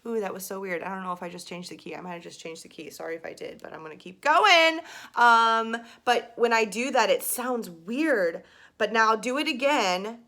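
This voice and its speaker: A woman's voice: mid-range voice, moderate pace, bright, forceful tone. A young woman giving a casual singing lesson to camera, chatty and full of fillers and asides. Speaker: singing teacher.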